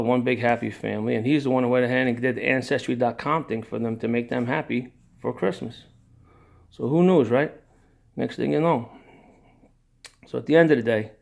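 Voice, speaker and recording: An older man with a gravelly, creaky voice tells his own family story in a casual, rambling way. He wanders off on tangents, sighs and restarts his sentences, and sounds moved. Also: mid-range voice, a little fast, long pauses, darkish tone. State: emotional.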